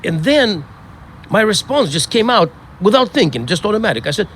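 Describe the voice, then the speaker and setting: A middle-aged male rabbi delivers a funeral eulogy outdoors. His storytelling is measured and full of small hesitations, and his voice sits fairly high. Faint traffic hums in the background. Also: sing-song, a bit bright.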